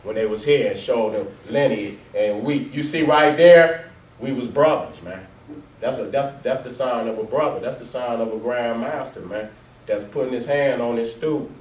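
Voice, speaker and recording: A man telling his life story to a live audience over photos, swearing heavily, laughing often and swinging between loud bursts and low, quiet stretches. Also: moderate pace. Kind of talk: profane, animated storytelling talk to a live audience. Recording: roomy, distant mic, faint background noise.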